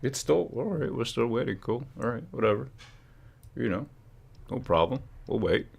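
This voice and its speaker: A man's voice: medium pitch, animated, moderate pace, vocal fry, slightly rough, lo-fi sound. A man hosting a casual livestream, joking and teasing, humming and muttering to himself while he works at his computer. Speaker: livestream host.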